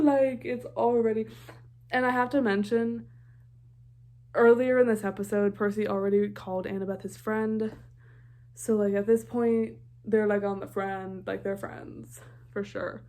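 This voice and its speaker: A woman's voice: mid-range voice, mellow. A young adult woman giving casual reaction commentary on a TV episode, gushing and filling her talk with "like". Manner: gushing, heavy on filler "like". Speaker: TV reaction vlogger.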